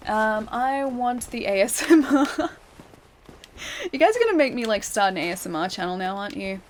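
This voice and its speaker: A woman's voice: on the high side, animated, moderate pace, slight background noise. A woman streamer chatting casually while she plays a game, reading viewer messages aloud and laughing often. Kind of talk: casual live-stream chat while gaming.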